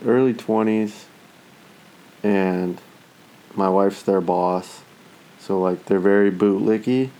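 On a low-quality recording, a man in his thirties with a voice on the low side chats casually and spins stories. He swears constantly and brings them to life with acted-out quotes and voiced asides.

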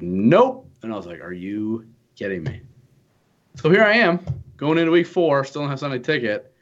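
A man's voice: medium pitch, dull audio. A young man in his twenties telling a frustrating story in a casual, profane, exasperated rant. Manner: exasperated, profane, animated retelling.

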